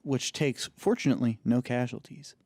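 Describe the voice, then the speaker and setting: A man's voice: medium pitch, moderate pace, warm tone, dry recording, studio quality. A young man co-hosting a podcast, telling a movie's plot in a laid-back way with fillers and laughs. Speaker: podcast co-host. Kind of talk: casual movie recap chat.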